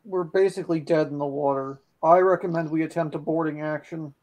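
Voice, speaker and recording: A man playing a tabletop game, speaking in brisk, blunt, military-style commands. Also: fairly high pitch, fairly even intonation, darkish tone. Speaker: player. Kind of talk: in-character tabletop play.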